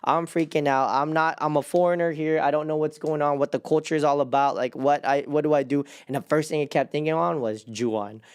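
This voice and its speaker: A young man hosting a casual chat, telling a personal story in a rambling way, with lots of "like" and sudden jumps up in pitch as he relives his panic. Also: steady tone, a little fast, hardly any pauses, smooth. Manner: rambling with many restarts and "like". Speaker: host.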